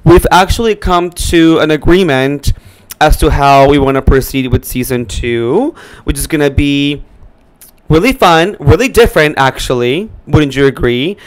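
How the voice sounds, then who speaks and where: A man's voice: on the high side, a little slow, clear, resonant tone, dry recording. A man co-hosting a podcast in casual chat, sassy and teasing toward his co-host.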